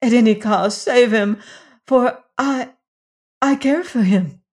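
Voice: medium pitch, sing-song, slow pace, a little mellow, pitched above the performer's own voice. A narrator voicing a desperate frontier woman pleading for a man's life in a western audiobook story. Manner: urgent, imploring.

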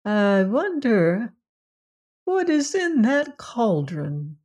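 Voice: mid-range voice, huge pitch swings, drawn-out words, darkish tone, pitched above the performer's own voice, heavily acted. A storyteller voicing a timid young lad. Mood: pleading. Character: curious, timid young male servant lad.

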